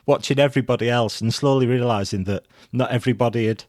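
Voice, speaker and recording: A man's voice: mid-range voice, fast, a little mellow, no room sound. A man co-hosting a podcast, chatting casually in a dry, rambling way and laughing at his own jokes. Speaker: podcast co-host. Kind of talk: casual chat.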